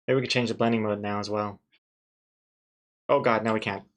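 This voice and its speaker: A man streaming live as he works on a comic, talking casually with viewers and second-guessing his choices out loud. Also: fairly low pitch, level tone, a little fast. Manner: thinks aloud, second-guesses himself, chatty with viewers. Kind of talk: casual live-stream commentary while drawing.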